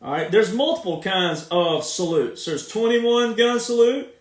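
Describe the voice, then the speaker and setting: High-voiced Southern man, echoey and distant. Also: animated, unhurried. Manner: emphatic and repetitive, drawls words out. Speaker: commentator. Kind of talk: casual monologue. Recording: echoey room, speaking from off the mic.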